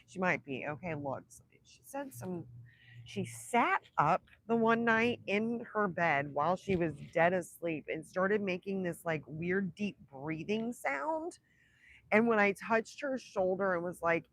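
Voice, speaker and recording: A woman's voice: mid-range voice, animated, slow, dry recording, rough recording. A woman in her thirties hosting a casual livestream chat with viewers, heartfelt and emotional, often dropping to a whisper. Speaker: livestream host.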